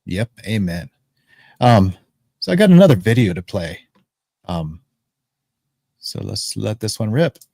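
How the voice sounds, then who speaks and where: A man hosting a livestream talk show, calm and affirming, with frequent ums. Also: on the low side, measured pace, creaky, pauses often, no room sound, studio quality. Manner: calm, affirming, filler-heavy. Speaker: host.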